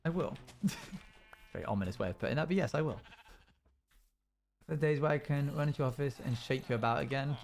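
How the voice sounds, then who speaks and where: A man's voice: medium pitch, brisk, gravelly, long pauses. A man streaming live, chatting casually and telling rambling stories to his chat, acting out what people said. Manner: rambling anecdotes told to chat; acts out quotes in a raised voice. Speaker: livestreamer.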